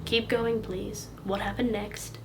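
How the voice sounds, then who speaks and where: Lady doing a soft-spoken strict doctor guy, hushed and firm, bit of faint hiss behind. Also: medium pitch, flat delivery, slow, close to an everyday voice. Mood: gently stern. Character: calm, stern middle-aged male doctor and caregiver.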